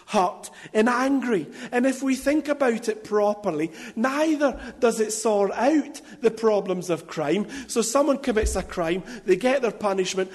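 A man with a high voice delivers a sermon at an unhurried pace. He stresses his points with care and breaks off now and then to poke fun at himself. His voice rings out with a long reverb, as in a large hall. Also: darkish tone. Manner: deliberate, emphatic delivery with light self-deprecating asides. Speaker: preacher.

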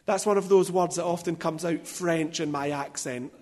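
A man preaching a sermon in a deliberate, emphatic way, with light self-deprecating asides. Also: on the high side, darkish tone, long reverb tail.

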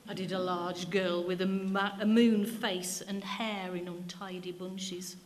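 Slow-reading Yorkshire woman in a hall. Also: lowish voice, flat delivery. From Yorkshire, England. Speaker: storyteller. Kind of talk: reading a story aloud to an audience. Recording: long hall reverb.

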